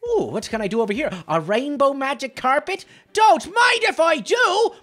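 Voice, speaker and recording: Man doing a high, swooping Irish leprechaun, clumsy, hot-tempered, boastful, game commentary. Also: very animated, brisk, heavily acted. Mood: excitable. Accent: put-on Irish. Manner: giddy, boastful, shouty taunting. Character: clumsy short-tempered cheerful male leprechaun. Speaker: gameplay commentator.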